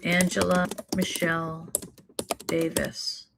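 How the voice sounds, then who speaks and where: A woman's voice: lowish voice, completely flat delivery, creaky, background noise. Emphatic woman coaching actors. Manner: emphatic, encouraging, stacks quick lists. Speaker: acting coach and talent manager. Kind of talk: live online class answering chat questions.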